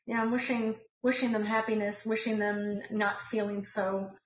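A woman's voice: mid-range voice, level tone, moderate pace, reverberant, highs cut off. An American woman hosting a casual podcast, chatting about the news in a rambling way with many filler words. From United States. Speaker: podcast host.

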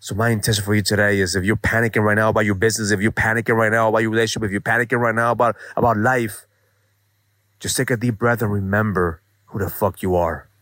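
A man in his forties gives a motivational monologue in an earnest, emphatic manner, dropping the odd swear word. His voice sits on the low side. The recording is dry and close, with no room sound. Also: steady tone, fast, fairly bright tone, dry recording. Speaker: motivational show host.

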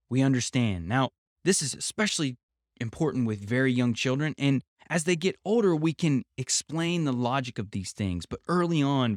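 A man talks through ideas in a calm, measured podcast style. His voice sits at an ordinary middle pitch, recorded dry and close with no room sound around it. He speaks from home, steady and reflective. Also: no room sound. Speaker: podcast host. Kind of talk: explanatory podcast talk.

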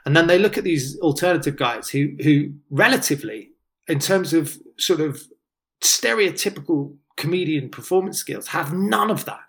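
A man's voice: on the high side, expressive, moderate pace, fairly bright tone. A man, a comedian, chatting casually and rambling with many restarts. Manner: rambling, frequent restarts and "do you know what I mean". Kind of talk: casual podcast chat.

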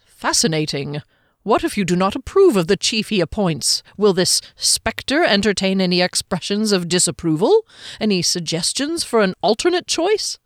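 A woman's voice: medium pitch, big pitch swings, normal speed, no room sound, clean studio sound, lightly acted. A woman voicing a small male halfling gambler who speaks in formal, elaborate, courtly phrases. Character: fussy, flowery-spoken male halfling gambler.

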